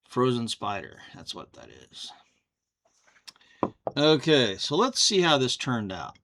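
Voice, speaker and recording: Male whiskey reviewer, Texas, bright and forceful tone, folksy home-review delivery. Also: mid-range voice, sing-song. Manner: folksy, unhurried, thinks aloud.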